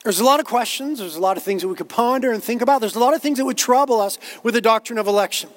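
A man's voice: very high voice, very fast, fairly bright tone, long reverb tail. A man preaching a sermon as a pastor, earnest, repeating himself and quoting others as he builds his point. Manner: earnest preaching with repetitions and quotations.

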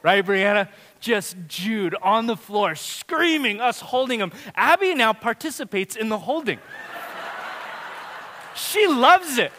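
A man in his thirties preaching a sermon as a dad telling family stories, animated and swinging from loud to hushed. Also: sits high, slow. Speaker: pastor. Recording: long hall reverb.

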